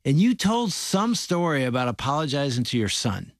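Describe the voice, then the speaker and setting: Lively chatty male co-host. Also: on the high side, moderate pace, no room sound, clean studio sound. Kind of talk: podcast conversation.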